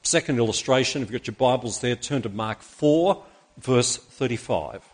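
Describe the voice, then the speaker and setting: Husky-voiced male preacher. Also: mid-range voice, expressive, moderate pace. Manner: asks the congregation rhetorical questions. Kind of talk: sermon with Bible reading.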